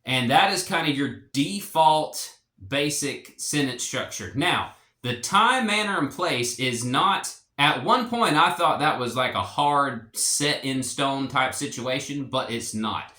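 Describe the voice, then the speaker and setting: A man explaining a language lesson in a relaxed, rambling way, with fillers and restarts. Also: mid-range voice, slow pace, echoey room. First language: English. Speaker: language teacher.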